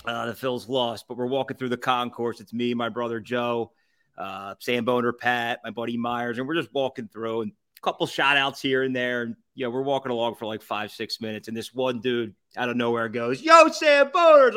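A man with a smooth, fairly bright mid-range voice speaks at a moderate pace with a level tone. He's a podcast guest and co-founder of a food review group, telling stories in a rambling, casual way full of laughs, fillers and restarts.

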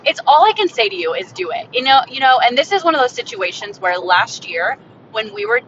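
Driving in her car, a young Florida woman pitches her casual solo podcast into her phone, talking briskly in an excited, upbeat, salesy way. The phone mic gives a dull recording with car rumble underneath.

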